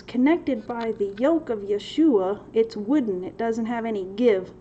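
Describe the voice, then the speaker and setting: A woman with a high yet darkish voice hosts a livestream Bible study Q&A, teaching as she goes. She laughs often and reads questions from the chat aloud, and the recording sounds slightly dull with faint background noise.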